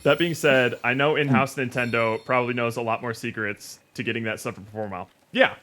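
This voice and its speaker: A man's voice: mid-range voice, fairly even intonation, brisk, pushed and bright. A man streaming a game and chatting casually, opinionated and rambling with lots of fillers. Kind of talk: casual gaming chat.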